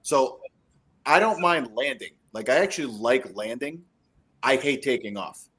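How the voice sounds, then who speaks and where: A man co-hosting a casual fantasy football podcast, telling animated stories and acting out scenes. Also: medium pitch, a little slow, slightly rough. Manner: animated storyteller, acts out scenes. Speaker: podcast co-host.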